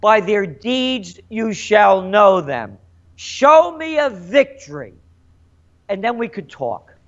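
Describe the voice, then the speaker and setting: A man's voice: high-pitched, very animated, takes it slowly, a bit bright. A man being interviewed as a trends forecaster, speaking emphatically and indignantly, full of rhetorical questions. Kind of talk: animated interview. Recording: dull lo-fi sound.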